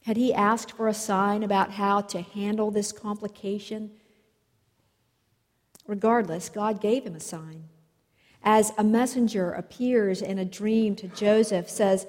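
A woman delivers a sermon at an unhurried pace, taking her time through each story. Her voice sits in a middle register. A long reverb from a large hall trails after her words. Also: mid-range voice, fairly even intonation, a little mellow. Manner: slow, measured storytelling delivery. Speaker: preacher.

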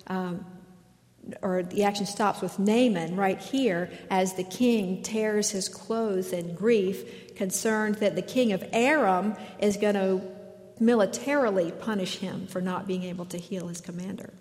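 A woman's voice: medium pitch, measured pace, a little mellow. A woman pastor giving a sermon in a conversational way, asking questions of her listeners, in a church. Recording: echoey hall reverb.

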